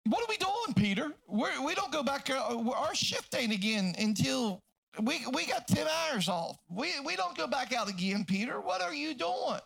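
A man's voice: very high voice, big pitch swings, moderate pace, gravelly, fairly bright tone, pitched above the performer's own voice, full character voice. A man voicing a weary adult fisherman who pleads and complains in a raised, strained voice. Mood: pleading.

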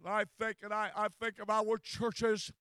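Fervent high-voiced older preacher man. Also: monotone, moderate pace, pushed and bright, clean tone, dry recording. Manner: fervent, repetitive exclamations. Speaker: pastor. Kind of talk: sermon.

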